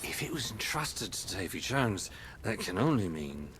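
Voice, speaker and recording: Captain Jack Sparrow, a swaggering pirate. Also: male voice, on the low side, very animated, moderate pace, fairly bright tone, slight background noise. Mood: scheming. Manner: theatrical, slurring, wry. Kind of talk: game character dialogue.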